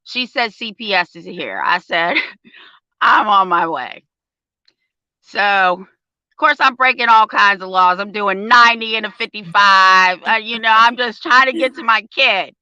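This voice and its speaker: A woman's voice: mid-range voice, measured pace, smooth, dry recording, dull audio. An older woman, a parent advocate, telling a story in casual talk and acting out the quoted voices. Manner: animated storyteller, acts out quotes.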